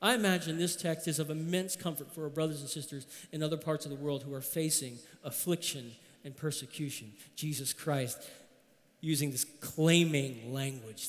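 Storytelling male pastor, slightly high voice. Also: normal speed, big-room sound. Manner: conversational storytelling. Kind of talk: sermon.

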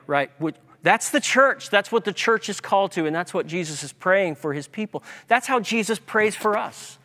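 A man's voice: high voice, expressive, moderate pace, few pauses, sharp tone. A man preaching a sermon as pastor, emphatic and repeating key words for effect. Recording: long hall reverb.

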